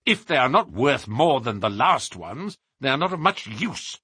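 A man's voice: medium pitch, very animated, normal speed, sharp tone, husky, no room sound, studio quality, heavily acted. A man voicing a sullen, miserly older man who speaks in a querulous, grudging way.

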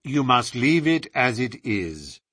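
A man voicing a calm, incisive middle-aged detective who speaks in a measured, commanding way. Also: mid-range voice, husky, dry recording, clean studio sound, heavily acted. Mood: firm.

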